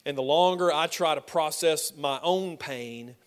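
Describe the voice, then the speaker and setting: A man's voice: fairly high pitch, unhurried, clean tone. Emphatic preacher, man with a raised voice. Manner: emphatic, swinging between loud declarations and soft asides. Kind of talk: sermon.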